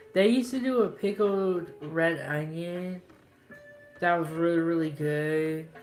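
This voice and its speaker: A woman hosting her cooking channel, chatting casually and playfully, laughing at herself and tired after eating. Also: lowish voice. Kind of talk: casual chat to camera.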